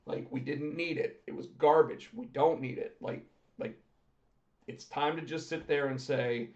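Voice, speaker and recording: A man's voice: fairly high pitch, fairly even intonation, a little slow, a little mellow. A man co-hosting a casual podcast, talking animatedly and acting out what others said. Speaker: podcast co-host. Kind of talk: casual wrestling chat. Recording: echoey room, dull lo-fi sound.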